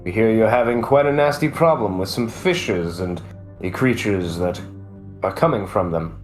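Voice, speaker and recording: A man's voice: on the low side, lively intonation, normal speed, faint music behind, natural voice. A man voicing a courteous, gallant male adventurer who speaks in grandly formal, polite phrases.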